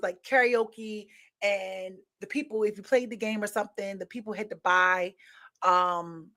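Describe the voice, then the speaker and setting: Animated high-voiced woman hosting talk. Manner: animated storytelling, frequent rhetorical "right?" and laughter. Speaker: podcast host. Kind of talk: candid opinion talk addressing viewers.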